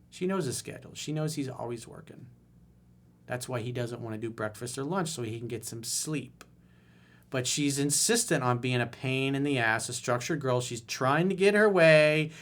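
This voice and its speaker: A man's voice: mid-range voice, moderate pace, fairly bright tone. A man working as a dating coach who reads viewer emails aloud and gives blunt, exasperated commentary on them.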